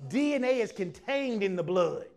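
A man with a notably high voice preaches a lively, animated sermon to his congregation. He talks in a relaxed, casual way and keeps acting out other people's voices, swinging between quiet asides and loud, emphatic points. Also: normal speed, vocal fry. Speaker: pastor. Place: church service with congregation.

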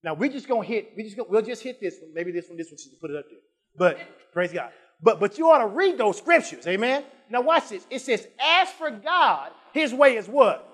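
A male pastor preaching a sermon, dropping to quiet asides and rising to shouted emphasis, repeating phrases and drawing out scripture lines. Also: high voice, big pitch swings, fast. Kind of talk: preaching a sermon with call-and-response.

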